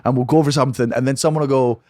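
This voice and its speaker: A young Scottish man, a comedian guesting on a podcast, ranting fast and profanely in casual chat. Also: medium pitch, fairly even intonation, darkish tone, no room sound, clean studio sound.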